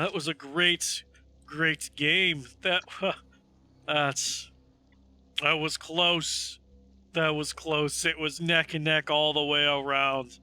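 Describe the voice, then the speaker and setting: Man doing a slow, menacing goliath gambler. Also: on the high side, pushed and bright, smooth, heavily acted. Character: huge tattooed male goliath, calm and menacing.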